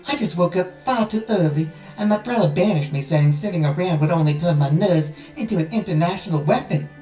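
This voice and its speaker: A man's voice: high voice, fairly quick, a little mellow, echoey room, faint music behind, pitched above the performer's own voice, lightly acted, low-quality recording. A man voicing a sweet, shy young princess with a put-on Southern accent, gushing and earnest as he reads a visual novel aloud.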